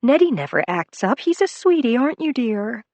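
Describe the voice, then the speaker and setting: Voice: medium pitch, very animated, moderate pace, a little mellow, dry recording, pitched above the performer's own voice. A narrator voicing a kindly female ward nurse who speaks in a soothing, coaxing way.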